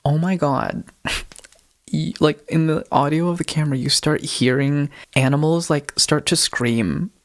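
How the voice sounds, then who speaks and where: A man's voice: a little high, unhurried. Guy on a chill podcast rambling through a spooky story, keeps restarting his sentences. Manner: rambling, self-correcting storyteller with giggles. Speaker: podcast co-host. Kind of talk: casual chat retelling a ghost video.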